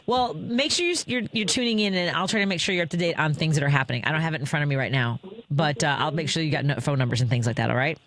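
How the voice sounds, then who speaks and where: Animated woman radio host telling stories. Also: a little hiss or hum. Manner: animated, wide pitch swings, quick asides. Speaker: radio talk show host. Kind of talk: talk radio storytelling.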